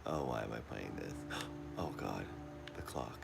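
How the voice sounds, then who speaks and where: A man livestreaming a horror game from a dark room at home, jumpy and easily frightened, repeating his exclamations over and over while recording on a phone. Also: a bass voice, expressive, unhurried, vocal fry, over loud music. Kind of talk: live gameplay commentary. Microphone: phone pointed at the TV.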